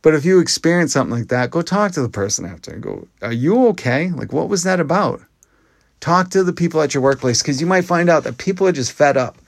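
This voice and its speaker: A man's voice: a little high, lively intonation, fast, creaky, hardly any pauses, dry recording, studio quality. A man hosting a podcast, talking in an earnest, conversational monologue that often restarts its sentences. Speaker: podcast host. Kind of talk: casual monologue.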